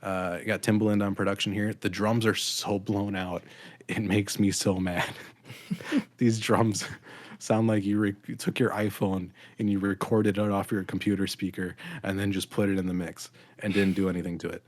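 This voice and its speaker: A man's voice: on the low side, flat delivery, moderate pace, no echo. A man co-hosting a podcast, giving a blunt, critical album review in casual chat with frequent ums. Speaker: podcast co-host.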